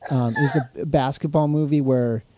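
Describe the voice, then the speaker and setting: A man with a Chicago accent hosting a casual podcast chat, talking haltingly with many restarts. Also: mid-range voice, fairly even intonation, mellow, dry recording. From Chicago area, US. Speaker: podcast host.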